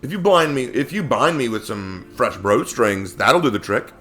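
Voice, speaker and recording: A man's voice: mid-range voice, expressive, normal speed, a bit bright, natural voice. A man doing a gullible, lust-struck strongman. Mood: eager. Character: lustful oblivious strongman, eager and gullible.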